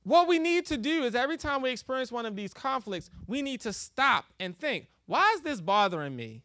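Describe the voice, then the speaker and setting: A man preaching a sermon in a relaxed, conversational way, laughing often and acting out little quoted exchanges. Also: very high-pitched, a little fast, no echo, studio quality. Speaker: pastor.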